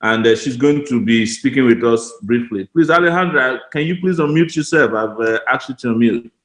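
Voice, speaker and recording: A man moderating an online rally, calling on speakers in a halting, filler-heavy way. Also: medium pitch, a bit bright. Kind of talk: hosting a video call. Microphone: video call. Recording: roomy call audio.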